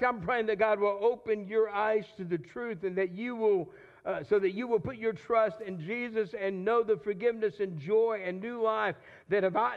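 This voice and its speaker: A man's voice: high voice, dull audio. A man preaching a sermon in a conversational way, often repeating and restarting his words. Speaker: pastor.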